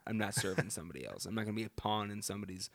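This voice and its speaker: A young man hosting a casual podcast, trading jokes with his friends. His voice moves up and down a lot and stays animated, and his teasing comes across as dry. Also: fairly low pitch, racing, creaky, no room sound. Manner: joking, animated. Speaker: podcast host. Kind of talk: casual chat.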